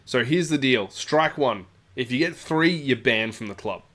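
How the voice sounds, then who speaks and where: A man voicing a firm, normally soft-spoken man who scolds a bully in a stern, forceful way. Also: medium pitch, expressive, unhurried. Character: firm soft-spoken male club elder, angry.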